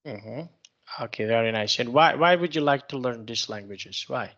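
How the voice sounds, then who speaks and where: A man's voice: mid-range voice, moderate pace, a bit bright, muffled recording. A man teaching an online English lesson, patiently repeating and rephrasing each question for his student.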